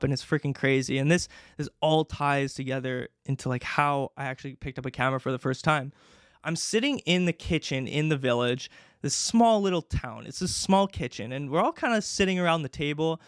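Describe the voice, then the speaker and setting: Brief: young Canadian-raised man, casual storyteller, high-ish voice, dry close mic. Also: brisk, smooth, no room sound. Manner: chatty, many fillers. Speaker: podcast host.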